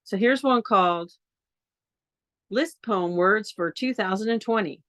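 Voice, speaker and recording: A woman poet at an open mic, reading her own poems over a phone on a video call in an earnest, measured way, with casual chat in between. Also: medium pitch, a bit bright, dry recording.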